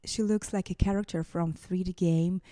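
A woman's voice: lowish voice, fairly even intonation, normal speed, mellow, dry recording, clean studio sound. A woman vocal coach giving casual, enthusiastic reaction commentary as she listens to a singer, exclaiming often.

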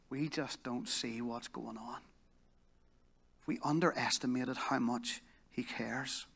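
Northern Irish male pastor, bright tenor-ish voice, sermon storyteller who goes quiet and slow for emphasis. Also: fairly high pitch. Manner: animated storytelling that drops to a soft, slow hush. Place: church service in a leisure complex hall.

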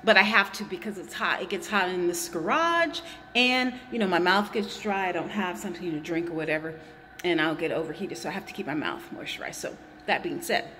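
A woman's voice: lowish voice, lively intonation, brisk, pushed and bright, big-room sound, a little hiss or hum. A woman vlogging from a hot garage, rambling and indignant as she repeats her points while chewing gum. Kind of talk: casual opinion vlog.

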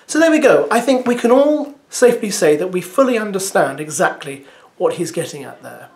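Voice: mid-range voice, very animated, brisk, darkish tone. A reaction video host giving chatty, hesitant commentary to camera, musing aloud.

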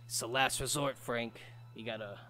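A man's voice: mid-range voice, fairly even intonation, normal speed, sharp tone, faint music behind. A man giving casual, joking let's-play commentary, chatty and laughing often. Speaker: gamer streamer.

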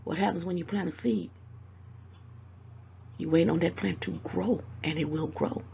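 Gravelly older woman giving motherly advice. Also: fairly low pitch, fairly even intonation, dark tone, lo-fi sound. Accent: Southern US. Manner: motherly scolding, calls people baby, drawn-out mm-mm. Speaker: YouTube commentator. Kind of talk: casual direct-to-camera advice.

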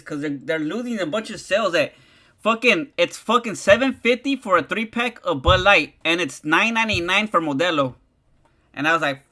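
A man's voice: high voice, animated, a little fast, pushed and bright. A man, chatting casually on a livestream, rambling and swearing in heavy slang. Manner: profane, slangy, rambling, keeps saying "dog".

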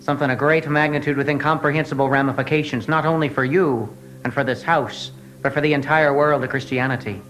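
A man voicing a grave priest with a put-on fake Irish accent, delivering a solemn warning quickly. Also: medium pitch, fairly even intonation, fairly bright tone, soft background music, natural voice. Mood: ominous.

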